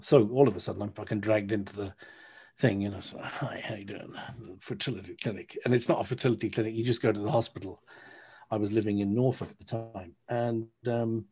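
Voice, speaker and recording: Husky man telling a candid story. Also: lowish voice, quick pace. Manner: candid, sweary, animated storytelling. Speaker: podcast guest. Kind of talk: casual storytelling.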